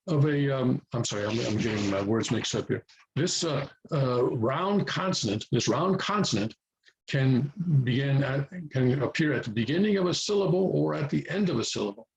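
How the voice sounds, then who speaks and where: A native English-speaking man giving a language lesson, repeating himself often and pausing with fillers as he explains. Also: mid-range voice, gravelly, darkish tone, rough recording. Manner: repeats words, many fillers and restarts. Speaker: language teacher. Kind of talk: explaining at a whiteboard-style lesson.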